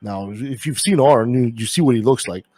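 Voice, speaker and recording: A man hosting a podcast, telling stories in a casual, animated way, laughing as he goes. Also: medium pitch, brisk, dry recording. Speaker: podcast host. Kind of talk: casual chat.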